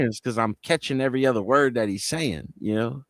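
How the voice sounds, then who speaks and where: A man's voice: mid-range voice, animated, fast, few pauses, background noise. A man from New Jersey on a live panel, telling loose stories full of street slang and swearing. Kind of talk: casual live panel chat.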